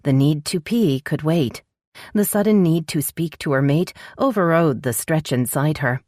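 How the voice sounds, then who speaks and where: A woman narrating a romance audiobook in an expressive, scripted style, close to the mic. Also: unhurried, no echo. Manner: expressive, voices dialogue with sharp pitch jumps.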